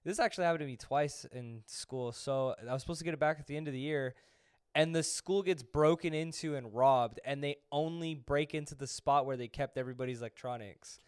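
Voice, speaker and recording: A man's voice: on the high side, a little fast, clean tone, no room sound, studio quality. A young man co-hosting a podcast who jokes around and chimes in with short reactions in casual chat. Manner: joking, chiming in with short reactions. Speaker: podcast co-host.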